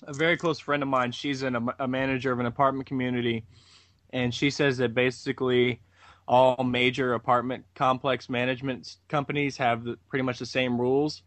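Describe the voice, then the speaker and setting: A man in casual group chat on a podcast, rambling and hesitant with halting restarts. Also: medium pitch, flat delivery, a bit bright, dry recording. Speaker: podcast guest.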